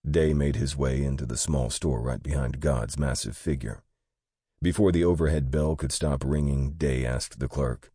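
A man narrating an audiobook in a steady, matter-of-fact way. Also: rumbling low, normal speed, husky, no room sound, clean studio sound.

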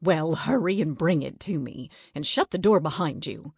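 A woman voicing a sharp-tongued, sickly old great-aunt who scolds and bosses the children in a storybook reading. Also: deep voice, animated, moderate pace, gravelly, slightly rough, no echo, studio quality, exaggerated voice. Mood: scolding. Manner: scolding, bossy.

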